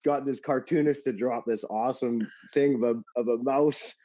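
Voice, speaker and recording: A middle-aged man telling stories casually as a podcast guest, animated and full of fillers. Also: medium pitch, moderate pace. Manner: animated, laughing storyteller with many fillers. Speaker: guest, former hockey player. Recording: dull lo-fi sound.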